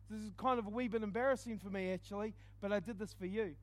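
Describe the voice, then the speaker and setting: A man preaching, telling a personal testimony in an animated storytelling way with quick dips into quiet asides. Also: high-pitched, no echo. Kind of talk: testimony sermon.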